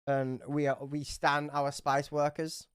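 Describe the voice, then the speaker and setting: A woman's voice: low-pitched, completely flat delivery, a little slow, clean tone, no room sound, studio quality. A woman running a tabletop game livestream, chatty and swearing freely as she narrates. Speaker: game master.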